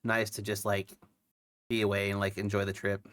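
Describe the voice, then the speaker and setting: A man's voice: on the low side, monotone, normal speed, fairly bright tone. A young man who is sick with a cough, chatting casually on his stream, rambling with lots of fillers and restarts. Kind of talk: casual chat.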